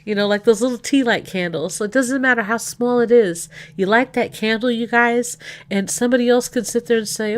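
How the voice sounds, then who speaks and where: A middle-aged woman hosting a livestream, tearful and rambling as she chats warmly with her viewers. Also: fairly high pitch, a little fast, a little hiss or hum. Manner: tearful, rambling, full of restarts and laughs. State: crying. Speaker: livestream host. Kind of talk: emotional casual chat to a live audience.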